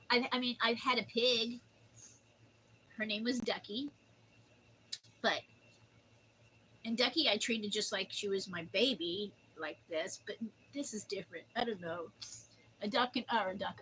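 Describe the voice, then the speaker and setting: An older woman hosts a casual livestream, rambling happily from one story to the next and talking sweetly to her dog. Her voice sits a little high and sounds bright and forceful. A faint hiss of background noise runs under the recording. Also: rough recording. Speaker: livestream host.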